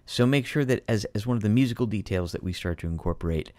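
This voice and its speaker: Male piano instructor, low voice, lively pitch, dry close sound, methodical. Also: quick pace, no echo. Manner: patient, methodical, emphatic explanations. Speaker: piano teacher. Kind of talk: explaining a piano piece to students.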